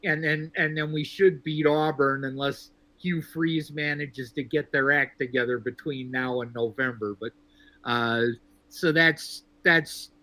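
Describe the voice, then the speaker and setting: A man from Texas calling into a sports show, talking in a measured, wry way with lots of fillers. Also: on the high side, steady tone, sharp tone, dry recording. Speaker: caller. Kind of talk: casual sports call-in chat.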